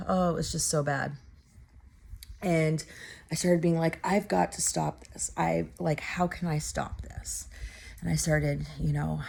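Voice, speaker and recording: A woman in her thirties tells her own faith story in a low, gravelly voice with plenty of vocal fry. She talks earnestly and haltingly, with frequent fillers and false starts, as if recording a personal video. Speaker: church member giving testimony. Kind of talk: personal testimony to camera.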